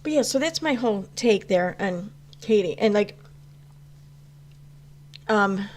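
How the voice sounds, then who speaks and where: Hosting a casual commentary livestream, a woman reads and reacts to chat messages, rambling through her opinions with many restarts, some swearing and frequent laughter. Her voice is mid-range and animated, though her pace is slow.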